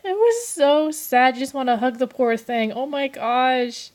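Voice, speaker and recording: A woman's voice: sits high, a little slow, darkish tone. Chatty woman gushing in a casual vlog. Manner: chatty and gushing, many fillers and giggles. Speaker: anime review vlogger. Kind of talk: casual review chat.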